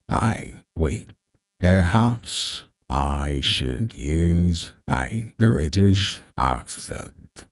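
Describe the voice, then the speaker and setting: A streamer talking through an AI voice changer preset that gives a deep male narrator's voice, speaking slowly and deliberately. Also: vocal fry, breathy edge, no echo, studio quality, heavily acted. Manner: slow, deliberate. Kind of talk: live stream chat.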